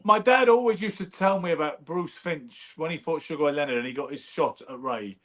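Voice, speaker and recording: Man, fast-talking, slightly high voice, casual anecdotal chat. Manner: animated, anecdotal, does brief impressions. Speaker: podcast host. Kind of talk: casual conversational storytelling.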